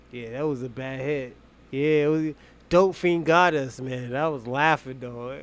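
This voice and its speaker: A man's voice: fairly high pitch, normal speed. A young man hosting a stream, chatting and telling joking stories in a loose, casual way. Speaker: streamer host. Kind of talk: casual reaction commentary.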